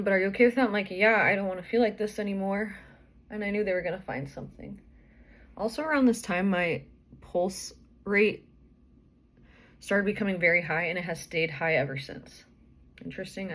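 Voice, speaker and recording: A young woman vlogger, out of breath and pregnant, chatting through a rambling personal story full of fillers and restarts. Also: mid-range voice.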